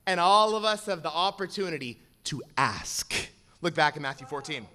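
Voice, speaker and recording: A man preaching a sermon to a congregation, moving from quiet explanation to shouted exhortation. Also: fairly high pitch, expressive, moderate pace.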